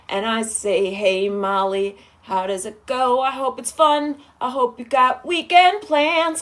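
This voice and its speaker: Woman, livestreamer, high voice, casual chat, greets viewers by name, sweet and affectionate. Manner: chatty, greets viewers by name and reads comments aloud.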